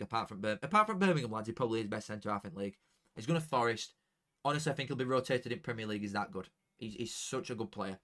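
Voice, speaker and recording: A young man talking casually to viewers during a football watchalong, chatty and excitable, dropping into flat mutters and jumping to loud outbursts. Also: lowish voice. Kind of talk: casual live commentary to viewers.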